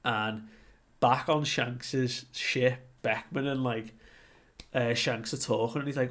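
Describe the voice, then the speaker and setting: A young man recapping and commenting on a comic chapter in a relaxed, chatty way, full of "like". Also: mid-range voice, slow. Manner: relaxed, filler-heavy retelling with frequent "like". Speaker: manga reviewer.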